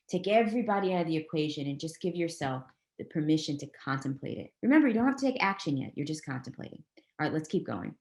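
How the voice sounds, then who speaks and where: Low-voiced motivational woman coaching online. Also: brisk, roomy sound. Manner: energetic, motivational, goes off on tangents. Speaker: presenter of a career master class. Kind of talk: webinar talk.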